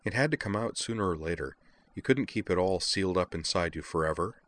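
A man's voice: expressive, quick pace. A man voicing a fierce, protective woman. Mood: soothing. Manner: gentle and soothing, pitched up. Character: fierce, protective female companion.

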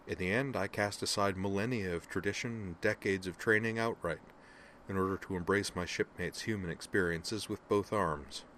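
A man voicing a female Vulcan officer in an audiobook reading, her voice low, monotone and almost mechanical, measured and controlled. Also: slight background noise. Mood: quiet. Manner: measured, rising into savage anger.

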